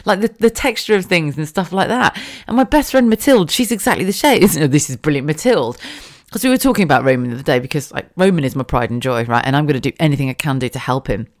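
A woman's voice: low-pitched, animated, fast. A woman, chatting casually on her own podcast from a room at home, laughing often and swearing now and then. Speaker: podcast host. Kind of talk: casual solo podcast chat. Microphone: studio mic with a damaged foam windscreen.

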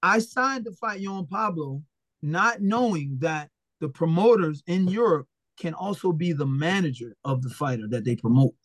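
A man with a notably high speaking voice, recorded close and dry with no room sound. He tells his stories as an interview guest in a blunt, animated way, full of profanity, and slips into the voices of the people he quotes. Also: normal speed, no echo. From Philadelphia, USA. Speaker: retired boxer, interview guest. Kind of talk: casual storytelling interview.

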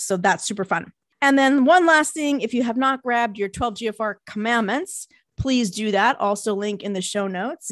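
A woman's voice: medium pitch, no echo, studio quality. A woman with a New Jersey accent hosting a podcast, wrapping up an episode in an enthusiastic, casual way, laughing often and swearing now and then. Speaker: podcast host.

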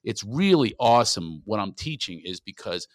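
A man, a comedian and coach, chatting casually in an interview, telling animated stories and laughing often. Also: lowish voice, moderate pace, no room sound, clean studio sound.

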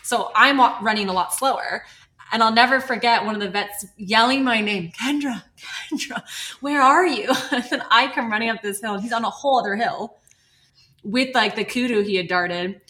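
A young woman with a bright, forceful voice tells lively field stories in a relaxed podcast chat. She laughs often and slips into quoting others, and her pitch sits a little high. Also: fairly quick. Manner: animated, laughing, quotes people often. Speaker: guest, wildlife filmmaker. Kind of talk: casual podcast storytelling.

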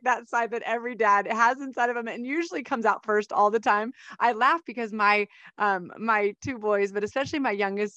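A middle-aged woman hosts a podcast in a bright, fairly high voice, recorded close and dry. She chats casually with her guest, laughs often and fills her sentences with "like." Her tone stays friendly and lively throughout. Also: dry recording. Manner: warm, laughs often, says "like" a lot. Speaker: podcast host. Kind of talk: casual interview chat.

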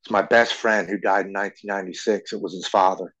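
Man, 40s, podcast guest, earnest storytelling, halting repeats, lowish voice, dull lo-fi audio. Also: steady tone, a bit bright. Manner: earnest, stumbles and repeats words. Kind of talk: personal storytelling in an interview.

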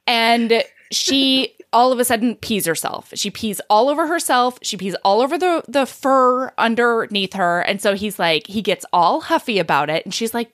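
A woman co-hosting a casual book-chat podcast, retelling a story in an animated, giggly way with plenty of filler words. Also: on the high side, normal speed. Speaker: podcast co-host.

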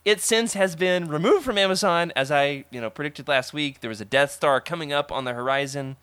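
A man hosting a casual podcast chat, enthusiastic and animated, laughing often as he talks. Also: on the high side, brisk, clean tone, no echo. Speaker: podcast host.

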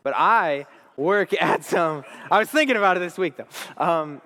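A young man in his twenties gives an informal sermon in a slightly high voice, full of enthusiasm and slang. He tells stories with frequent restarts, and the voice carries a long hall reverb. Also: expressive, unhurried, pushed and bright. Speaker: speaker at a church gathering.

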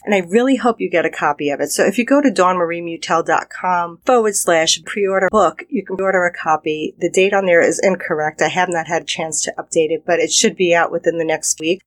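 Woman doing a motivational podcast, chatty and encouraging, lowish voice, dry close sound. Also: dry recording. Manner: conversational, encouraging, talks straight to the listener. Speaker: podcast host and self-help author.

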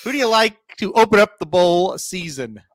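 A man's voice: high-pitched, expressive, normal speed, no echo. A man hosting a sports betting podcast, running through game picks in a breezy, casual way and asking his co-host for his take. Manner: breezy, leads the picks and asks for co-host's take.

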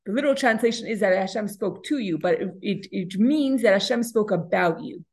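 A woman's voice: medium pitch, fairly quick. Woman teaching a Torah lesson. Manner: explanatory, asks and answers her own questions; frequent restarts and repeated words.

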